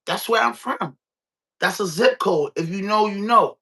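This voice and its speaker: A Baltimore man with a high, bright voice, ranting on a podcast. He talks with a Baltimore accent, curses a lot and hammers his points home by repeating them. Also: a little slow, breathy edge. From Baltimore, USA. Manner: profane, emphatic, repetitive. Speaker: podcast host. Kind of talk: casual rant.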